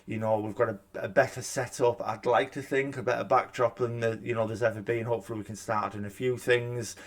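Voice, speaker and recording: A man's voice: mid-range voice, level tone, brisk. Chatty self-mocking man. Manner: chatty, self-deprecating, many restarts. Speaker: gaming YouTuber. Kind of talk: casual reaction vlog. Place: room at home by a window. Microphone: desk microphone.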